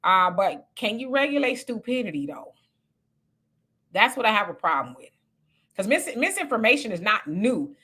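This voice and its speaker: A woman hosting a casual livestream, reading viewer comments and chatting with animated, laughing asides. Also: mid-range voice, moderate pace, long pauses, slightly rough. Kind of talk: casual live chat.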